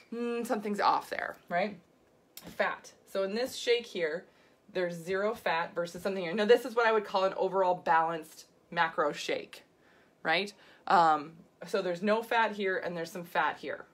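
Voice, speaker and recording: A woman nutrition coach talks casually and animatedly to camera, sounding exasperated, laughing often and adding asides. Her voice is medium-pitched with a fairly bright tone.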